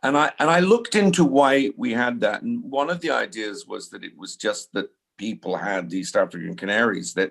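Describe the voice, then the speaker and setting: A man's voice: medium pitch, creaky, a bit bright. A man in his sixties, chatting casually as a guest and rambling with frequent restarts. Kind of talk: casual conversation.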